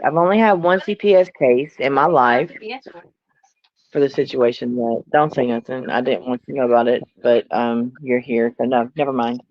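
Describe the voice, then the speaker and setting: A woman's voice: very deep voice, normal speed, no room sound. A woman guest on a casual live stream who talks bluntly and defiantly. The sound is dry and a little dull.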